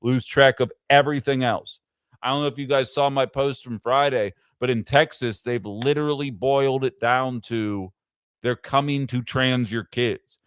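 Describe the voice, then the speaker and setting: A man's voice: medium pitch, clear, resonant tone, no echo, clean studio sound. Impassioned man hosting political commentary. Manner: impassioned, fires off rhetorical questions. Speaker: host of a political commentary show. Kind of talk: live-streamed political commentary.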